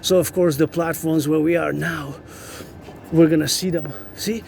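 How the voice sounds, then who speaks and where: A man rambles as he walks, circling back over the same phrases while he thinks aloud. His voice sits a little high for a man. Loud city street noise and passing traffic surround his phone mic. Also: steady tone, moderate pace, creaky. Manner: rambling, repetitive, thinks aloud, chants cadences. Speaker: vlogger. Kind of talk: rambling walking vlog.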